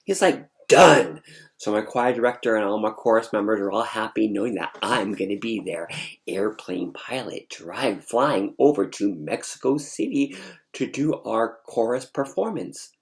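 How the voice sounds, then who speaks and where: Animated man telling a story. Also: lowish voice, normal speed, gravelly. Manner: animated, with many restarts and asides. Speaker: vlogger. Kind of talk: casual storytelling recounting a dream.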